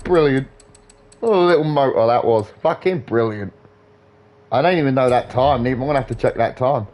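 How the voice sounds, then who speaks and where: A woman's voice: very deep voice, a little fast, darkish tone. A woman livestreaming a racing game, giving casual commentary with teasing banter and free swearing. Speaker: gaming livestreamer. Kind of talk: casual live gaming commentary.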